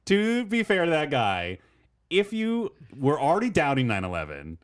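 A man chatting on a casual podcast, his pitch rising and falling in lively swings. He rambles, thinks out loud with plenty of "like" fillers, and laughs easily. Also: normal speed, clear, resonant tone.

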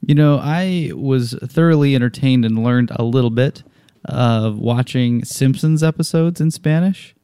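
A man's voice: mid-range voice, a little slow, dark tone, smooth, dry recording. A man hosting a casual interview, asking questions with small restarts. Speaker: host. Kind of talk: interview chat.

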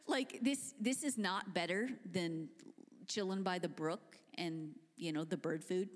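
Animated woman preaching in a big reverberant hall. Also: lowish voice, unhurried. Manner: animated storytelling, dropping to hushed tones. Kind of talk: sermon.

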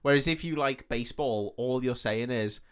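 A man's voice: medium pitch, moderate pace, smooth. A young man co-hosting a film podcast, agreeing constantly with "yeah" and adding blunt, sweary remarks. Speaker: podcast co-host. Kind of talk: casual film review chat.

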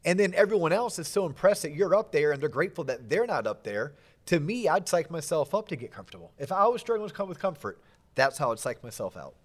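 A man's voice: fairly high pitch, sing-song, fast. A middle-aged man hosting a podcast, chatting casually and animatedly with self-deprecating jokes. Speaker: podcast host. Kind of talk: casual interview chat.

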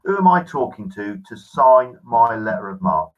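A man voicing a gruff, blunt male pirate captain who talks roughly and drops his words. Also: mid-range voice, sing-song, moderate pace, far from the mic, narrow, tinny audio, lightly acted. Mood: firm.

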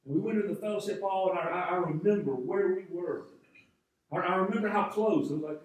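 Speaking quickly in a high voice, a male pastor from North Georgia shares a personal story in a chatty sermon, starting his phrases over again and again. The recording comes from afar in a big church sanctuary with heavy echo.

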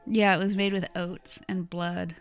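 With a fairly low, clear, resonant voice, little pitch movement and a measured pace, a middle-aged American woman co-hosts a podcast over soft background music. Her travel story rambles chattily, and she laughs often in the casual conversation.

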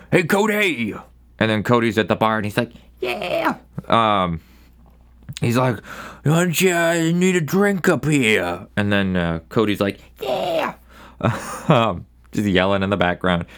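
A man's voice: sits low, clear, resonant tone. A young man hosting a solo podcast, telling a rambling bar story in a wry, casual way. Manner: rambling, wry, does quick voices for people in his stories. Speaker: podcast host.

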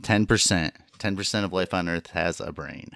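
A man's voice: deep voice, normal speed, vocal fry, fairly bright tone, no room sound, studio quality. A man co-hosting a casual podcast, laughing often and telling stories animatedly. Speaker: podcast co-host asking rapid-fire questions.

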